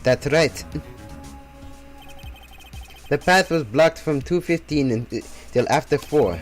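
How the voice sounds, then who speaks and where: A man's voice: a little high, lively intonation, slow pace, soft background music. A man voicing a brusque middle-aged female TV producer, with terse, clipped lines and a loose attempt at an Italian accent.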